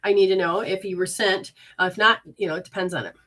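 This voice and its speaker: A woman's voice: medium pitch, steady tone, a bit bright. A woman leading a live healing session and giving readings, soothing and coaxing with repeated instructions. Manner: talks to viewers and spirits, switches fast between voices.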